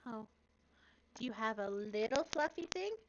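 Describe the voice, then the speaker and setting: A woman voicing a tiny, childlike furry girl with a tail and claws, bubbly and quick to apologise. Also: on the high side, animated, dull audio, noisy background, pitched above the performer's own voice. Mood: hopeful.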